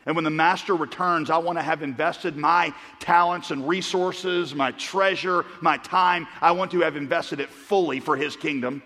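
Middle-aged male pastor, high voice, storytelling sermon, long reverb of a big room. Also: steady tone, normal speed, hardly any pauses. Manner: storytelling, swings between loud punchlines and hushed earnest asides. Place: large church auditorium.

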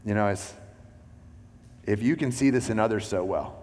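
A man's voice: fairly low pitch, normal speed, darkish tone, long reverb tail. A man preaching a sermon as a pastor. He talks in a loose, conversational way, full of "like" and "you know".

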